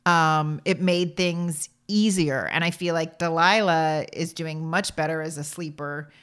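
A woman's voice: low-pitched, fairly even intonation, measured pace, clear, resonant tone. Woman, thirties, podcast co-host, casual chat, laughing, filler-heavy storytelling.

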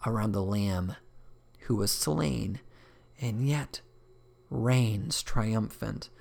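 A man preaching a sermon as pastor, earnest, dropping to a hush at dramatic moments. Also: on the low side, drawn-out words, creaky.

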